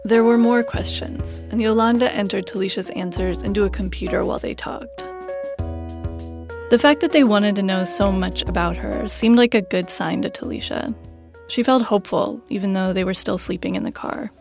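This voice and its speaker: A woman journalist narrating a documentary story in a measured, plain way. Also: mid-range voice, vocal fry, over music. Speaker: journalist host. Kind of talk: scripted narration.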